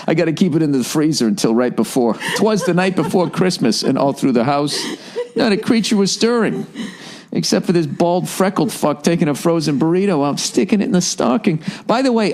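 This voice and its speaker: A man telling a comic story on a podcast, profane and animated, breaking into laughter as he goes. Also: mid-range voice. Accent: Boston. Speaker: podcast host. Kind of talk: comedic storytelling.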